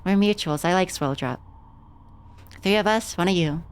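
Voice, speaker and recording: Woman streamer, young, lowish voice, casual and foul-mouthed, reads game dialogue aloud. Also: normal speed, clear, resonant tone. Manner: casual, swearing freely.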